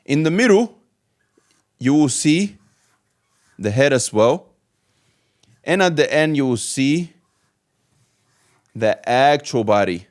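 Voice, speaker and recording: Speaking slowly with long pauses, a man teaching Arabic uses an expressive, mid-range voice. His lesson moves through the alphabet step by step as he patiently repeats each letter sound.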